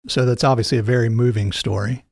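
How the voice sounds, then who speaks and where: A man hosting a podcast, responding to a guest's story in a thoughtful, measured way. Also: medium pitch, fairly even intonation, vocal fry, darkish tone, dry recording, clean studio sound. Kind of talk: reflective conversation.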